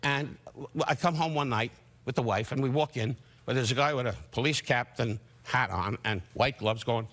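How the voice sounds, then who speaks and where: A man's voice: mid-range voice, normal speed, a bit bright. An older man, a comedian guest on a talk show, telling rambling stories and teasing the host. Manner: brash, teasing, rambling with restarts. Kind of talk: talk show comic storytelling.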